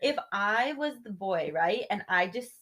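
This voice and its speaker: A woman's voice: medium pitch, lively intonation, a little slow, sharp tone. A young woman co-hosting a podcast, talking in a casual, heated way and swearing a lot. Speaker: podcast co-host. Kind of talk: casual chat.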